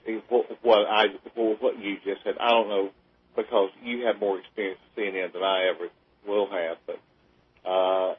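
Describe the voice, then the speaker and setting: Husky low-voiced man on a tinny phone line. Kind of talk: casual radio talk.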